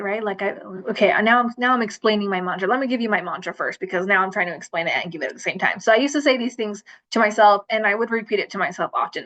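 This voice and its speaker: A woman's voice: mid-range voice, fast, hardly any pauses, a bit bright, muffled recording. A woman hosting a self-love livestream, chatting casually with lots of fillers and restarts. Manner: chatty, rambling, with many fillers.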